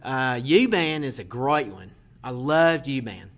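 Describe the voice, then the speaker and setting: A man attempting a put-on Australian accent, speaking slowly and hesitantly as the accent drifts. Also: medium pitch, animated, a bit bright. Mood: playful.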